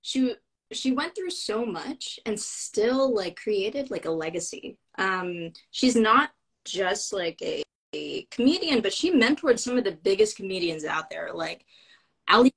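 Woman guest, mid-pitched, chatty, rambling, lots of fillers. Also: very animated, a little slow, creaky, a bit bright, husky, rough recording. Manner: enthusiastic, rambling with fillers and restarts. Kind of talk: casual conversation.

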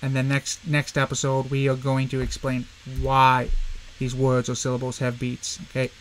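A man giving a casual online poetry lesson, talking informally with many fillers and slowing down to read verse aloud and mark its beat. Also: medium pitch, completely flat delivery, a bit bright, a little hiss or hum. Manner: chatty, many fillers and "guys", reads verse slowly to stress the beat. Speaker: poetry teacher.

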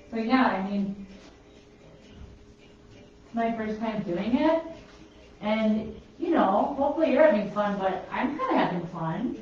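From across a spacious studio, a Minnesotan woman who paints pet portraits chats while she works, rambling and laughing at herself. Her fairly high voice is expressive, slow, and a little mellow, with long pauses. The audio is distant, roomy, and somewhat dull.

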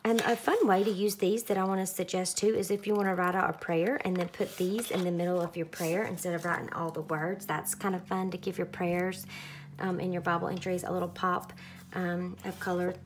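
Chatty young woman, lowish voice. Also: a little fast, a little hiss or hum. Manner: chatty, relaxed, lots of fillers. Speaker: craft vlogger. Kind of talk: casual narrated craft tutorial.

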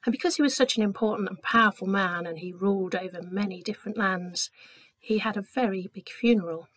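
A woman tells a story to a group of children in a slow, clear, gentle voice. Her pitch sits at an ordinary middle height, and she lifts it to act out the characters. The sound is dry and close, with no room echo. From England. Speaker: children's talk leader. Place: church.

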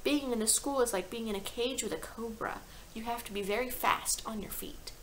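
A woman voicing a clever, calm little schoolgirl who explains things earnestly. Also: a little high, a little fast, slight background noise, close to an everyday voice, poor audio.

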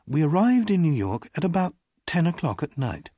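A reader slowly and clearly narrating a graded-reader story. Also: medium pitch, sing-song, dark tone, no room sound, studio quality. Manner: slow, clearly paced storytelling. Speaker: audiobook reader.

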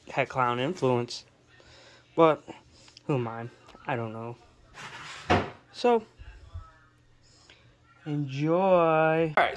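A man's voice: medium pitch, slight background noise. A man chatting casually and fondly to his pet snakes at home while cleaning their tubs, in a playful sing-song. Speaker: snake keeper vlogger.

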